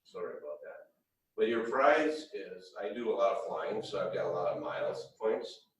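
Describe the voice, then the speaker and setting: Low-pitched male presenter, folksy, joking, heard from far off in an echoing hall. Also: animated, normal speed. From Wisconsin-Minnesota border. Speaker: safety presenter. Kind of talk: workshop presentation. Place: large room with an audience.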